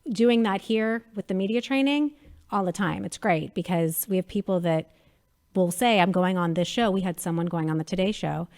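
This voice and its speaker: Woman in her 30s chatting on an interview, lively stories, does little voices for quotes. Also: mid-range voice, moderate pace. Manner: animated storyteller, acts out quotes. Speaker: media company president, guest. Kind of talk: casual interview chat.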